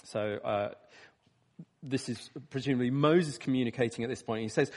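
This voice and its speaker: A man preaching a sermon, swinging from emphatic rises to quiet, lower asides. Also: moderate pace, big-room sound. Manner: animated, emphatic rises and drops.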